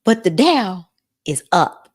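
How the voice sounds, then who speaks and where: Woman host, casual money talk, bouncy pitch, folksy and animated. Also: slow, breathy edge. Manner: animated, folksy, mock-quoting others in high voices. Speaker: mortgage commentator, channel host. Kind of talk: casual talk to camera about the economy.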